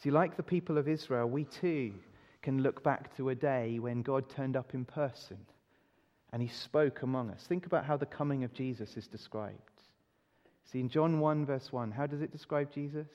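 A man's voice: mid-range voice, normal speed, darkish tone. A male preacher giving a sermon, emphatic, often putting rhetorical questions to his listeners. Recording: dull recording in a reverberant hall.

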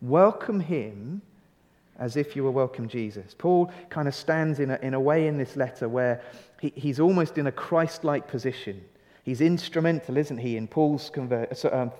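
A man's voice: mid-range voice, moderate pace, warm tone, big-room sound. A male pastor giving a sermon in an earnest, conversational way, stretching key phrases for emphasis and asking rhetorical questions.

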